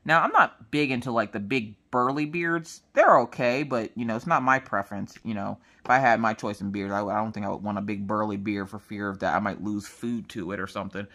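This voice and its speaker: A woman's voice: extremely low pitch, brisk, hardly any pauses, a bit bright. Brief: woman in her thirties, casual crafting chat, rambling storyteller. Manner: chatty, rambling storytelling with quoted dialogue. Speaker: crafting vlogger.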